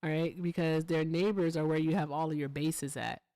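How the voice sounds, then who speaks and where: A woman hosting a political commentary stream, animated and sarcastic, talking straight to her viewers. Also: low-pitched, moderate pace, no room sound, clean studio sound. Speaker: host.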